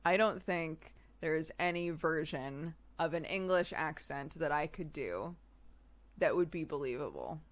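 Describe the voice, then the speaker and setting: A woman's voice: low voice, expressive, measured pace. A woman hosting a live stream in casual chat, giggly and chatty, laughing often. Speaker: streamer host.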